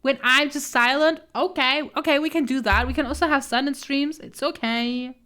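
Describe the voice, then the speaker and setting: A woman's voice: sits high, steady tone, normal speed, pushed and bright. A young woman art streamer chatting casually while she draws, laughing often, flustered and self-deprecating. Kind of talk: casual chat while drawing.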